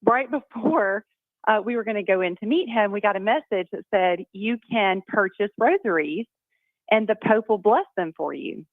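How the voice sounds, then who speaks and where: A woman's voice: mid-range voice, animated, moderate pace, no echo. Woman, radio guest, upbeat storyteller, tinny phone line, dry sound. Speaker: congresswoman guest.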